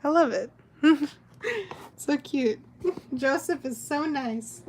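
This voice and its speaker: A woman's voice: sits high, slow, darkish tone, a little hiss or hum. A young woman streaming as she draws, chatting casually with a giggly, rambling manner. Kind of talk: casual chat while drawing on stream.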